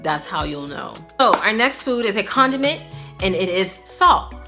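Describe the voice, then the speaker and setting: A woman's voice: mid-range voice, sing-song, moderate pace, music in the background. A young woman hosting a casual video language lesson, chatty and upbeat, with lots of filler words. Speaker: language teacher vlogger.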